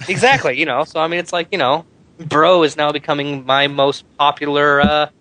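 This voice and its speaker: A man co-hosting a casual gaming podcast, telling animated, profane stories. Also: on the high side, fairly quick, no room sound, poor audio. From Phoenix, USA. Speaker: podcast co-host.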